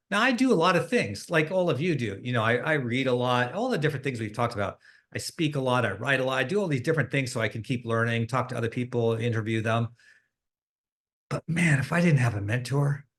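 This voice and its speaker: A man's voice: medium pitch, a bit bright. A middle-aged man hosting a podcast, talking casually about mentorship with frequent fillers and restarts. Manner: conversational, many fillers and restarts. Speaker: host.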